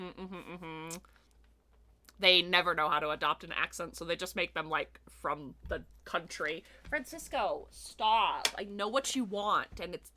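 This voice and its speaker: A woman's voice: on the low side, noisy background. A woman VTuber chatting casually while streaming a game, making playful asides and talking to her cat.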